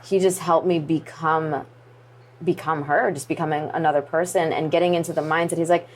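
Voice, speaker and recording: This woman wrestler, appearing as an interview guest, speaks in a low voice at a moderate pace. She tells a story in relaxed conversation, animated and acting out the voices she quotes, with plenty of fillers like "like" and "you know."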